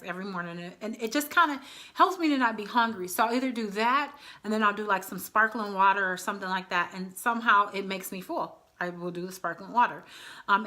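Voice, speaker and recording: A woman's voice: mid-range voice, pushed and bright. A woman in her thirties chatting casually to her viewers as a vlogger, often calling them y'all. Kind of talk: casual chat to camera.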